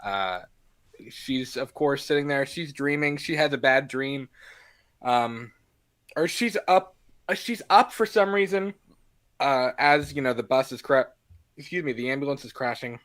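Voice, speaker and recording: A man's voice: medium pitch, measured pace, fairly bright tone. A man co-hosting a casual movie podcast, talking animatedly and acting out lines from the film in little voices. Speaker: podcast co-host.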